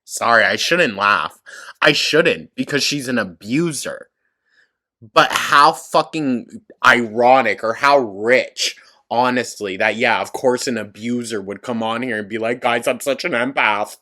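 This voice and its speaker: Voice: mid-range voice, a little slow, bright, forceful tone. A commentary YouTuber reacting to clips, sarcastic and blunt, swearing often and laughing at the material.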